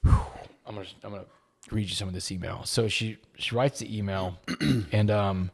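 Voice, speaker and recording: As a podcast guest, a middle-aged man shares an emotional story in a halting, sincere manner, frequently repeating words when moved. His lowish voice is gravelly and husky, and his tone holds steady.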